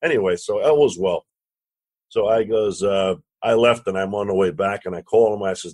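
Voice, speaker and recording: Husky New man telling a story. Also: lowish voice, moderate pace. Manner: animated anecdote teller, acts out quoted dialogue, curses casually. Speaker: guest, real estate investor and lender. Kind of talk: storytelling in a podcast interview.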